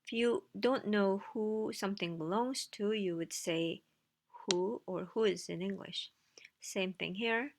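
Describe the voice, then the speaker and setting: A woman's voice: mid-range voice, slow pace. A woman teaching a language lesson, explaining slides in a casual way with dry asides. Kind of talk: recorded lecture with slides.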